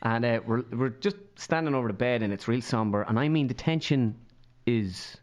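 A young Irish man, a podcast guest, telling a funny story in a loose, animated way and putting on voices of the people in it. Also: medium pitch, moderate pace. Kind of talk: casual storytelling chat.

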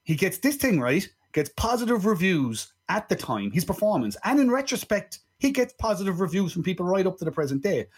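A man's voice: high-pitched, big pitch swings, brisk, few pauses, slightly rough. An Irish man co-hosting a casual film-review podcast, chatting in a digressive way with frequent "right?" asides. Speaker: podcast co-host.

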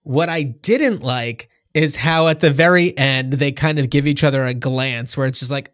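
On a clean studio track with no room sound, a male podcast co-host rambles about a film, restarting often and leaning on fillers. His voice is medium in pitch and slightly bright, moving at a normal speed with few pauses.

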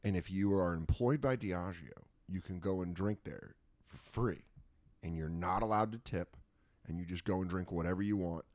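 An American man chatting casually, telling lively stories and swearing freely. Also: low voice, moderate pace, no room sound. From United States. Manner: animated storyteller, swears freely. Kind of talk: casual chat.

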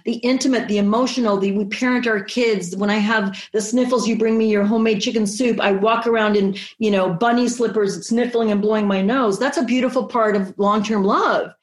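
A frank, expressive woman speaking as a sex therapist guest, emphatic and unguarded in her phrasing. Her voice sits at a middle pitch and carries a noticeable room echo. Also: fairly quick, hardly any pauses. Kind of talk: candid conversational interview talk.

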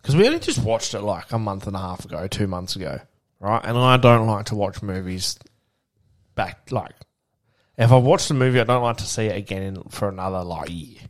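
A man co-hosts a casual podcast chat with a slightly low voice. He tells stories loosely, swearing freely and laughing along the way. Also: expressive, fairly quick. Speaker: podcast co-host.

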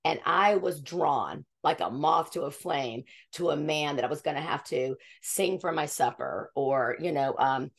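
A woman in her fifties, a guest on a podcast, tells her story in an earnest, rambling interview style, often restarting her sentences. Her low voice is gravelly and unhurried, with few pauses.

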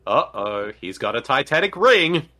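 A man's voice: medium pitch, normal speed. A man co-hosting a podcast, chatting casually and jokingly over a movie he is watching, laughing often. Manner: animated, jokey, laughs often. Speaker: podcast co-host. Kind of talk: casual movie commentary chat.

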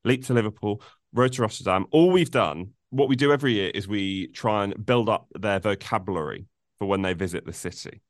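A man's voice: lowish voice, dry recording, clean studio sound. Playful man hosting a podcast. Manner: playful, self-mocking, hesitant restarts. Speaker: podcast host. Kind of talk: casual podcast interview.

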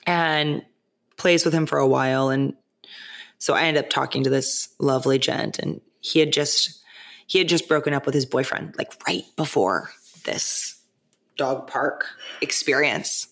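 A woman hosting a podcast, talking in a casual, animated way, full of "like" and "right?". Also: low-pitched, normal speed. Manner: animated, chatty, lots of "like" and "right?". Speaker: podcast host. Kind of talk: casual spiritual monologue.

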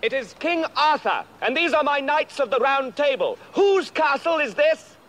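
A man's voice: very high-pitched, lively intonation, normal speed, fairly bright tone. An actor playing an earnest, formal legendary king in an old film clip. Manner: formal, commanding. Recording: old film audio with faint hiss.

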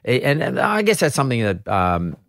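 A man's voice: mid-range voice, wildly swooping pitch, brisk, a bit bright, dry recording, clean studio sound. A middle-aged man hosting an interview podcast, introducing and questioning his guest emphatically, with chatty asides. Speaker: podcast host.

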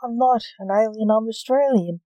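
A woman's voice: a little high, normal speed, dark tone, no room sound, pitched above the performer's own voice, lightly acted, poor audio. A woman voicing a wisecracking young man held captive, joking dryly in a slightly raised voice. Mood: sardonic. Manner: sarcastic, dry jokes.

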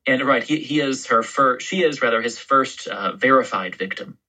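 Historian guest, male, bright and slightly husky, rambling explainer. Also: medium pitch, moderate pace, low-quality recording. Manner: explains history in long, loose storytelling turns. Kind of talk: podcast interview.

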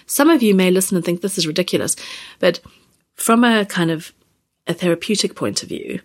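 A woman in her thirties or forties hosting a podcast, speaking gently and haltingly about personal feelings, close to tears. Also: on the low side. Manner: gentle, halting, many fillers and restarts. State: near tears. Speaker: podcast host. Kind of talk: reflective personal podcast talk.

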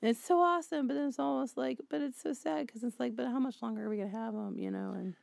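A woman co-hosting a podcast in casual chat, quick, teasing and blunt. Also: high-pitched, gravelly, darkish tone, no room sound. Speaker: podcast co-host.

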